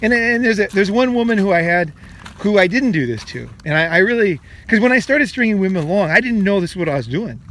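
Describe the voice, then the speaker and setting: A man's voice: sits high, expressive, fast, fairly bright tone. A middle-aged man hosting a podcast, giving dating advice in a rambling, blunt monologue full of swearing. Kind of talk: casual monologue.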